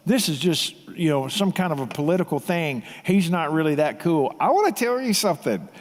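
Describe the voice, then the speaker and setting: A man giving a heartfelt tribute speech, telling a story with emphatic repetition and loud shouted quotes. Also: on the high side. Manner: animated, emphatic, repeats himself, shouts out quoted lines. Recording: long hall reverb.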